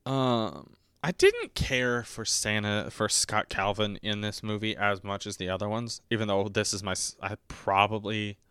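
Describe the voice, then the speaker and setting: A man in his twenties chatting casually about a movie, rambling and self-mocking, often breaking into squeaky high put-on voices. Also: unhurried, fairly bright tone, clean tone, no echo, studio quality. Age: 20s. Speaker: podcast host reviewing a movie.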